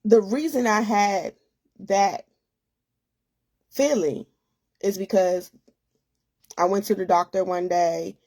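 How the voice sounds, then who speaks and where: Gravelly woman sharing a personal testimony. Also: mid-range voice, slow, pauses often, darkish tone. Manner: emotional, conversational, addresses listeners as y'all. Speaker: author and host.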